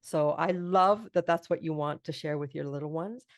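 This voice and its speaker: A woman's voice: low-pitched, moderate pace, dry recording, studio quality. A middle-aged woman hosting an interview podcast, talking earnestly and affirmingly in long reflective runs. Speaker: podcast host. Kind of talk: casual interview chat.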